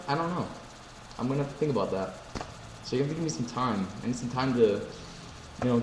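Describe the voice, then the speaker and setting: A man hosting a live stream, chatting casually with viewers, joking and reading chat messages aloud. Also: fairly low pitch. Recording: echoey room with faint ambient noise.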